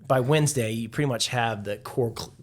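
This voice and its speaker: A man with a mid-range voice and a brisk delivery, a podcast guest, casually tells rambling stories. His speech is full of "like" and restarts.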